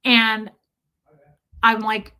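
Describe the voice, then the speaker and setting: Bright-voiced woman telling a story to her chat. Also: on the high side, monotone, drawn-out words. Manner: chatty and emotional, answers chat comments mid-story. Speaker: livestream host. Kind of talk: casual storytelling to a live chat.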